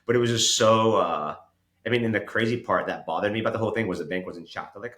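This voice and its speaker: A man telling stories in a casual podcast chat, animated, laughing and swearing often. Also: fairly low pitch, fast, roomy sound. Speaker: podcast host.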